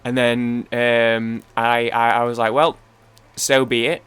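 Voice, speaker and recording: Speaking slowly with little pitch movement, this young man has a mid-range voice that's clean and slightly bright. He's a gaming YouTuber from Manchester, England, rambling casually as he plays, cursing, cutting in on himself, and leaving stories unfinished.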